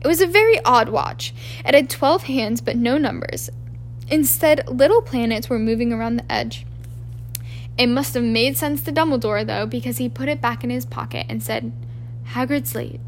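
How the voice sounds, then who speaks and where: A woman reading a book aloud as an amateur narrator, in a halting way with frequent restarts. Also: fairly high pitch, slight background noise. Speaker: audiobook narrator. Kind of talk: audiobook reading.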